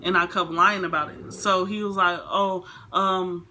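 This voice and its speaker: A woman's voice: lowish voice, normal speed, a little hiss or hum. A young woman vlogger telling a storytime in a casual, rambling way, full of fillers. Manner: rambling, filler-heavy, animated retelling.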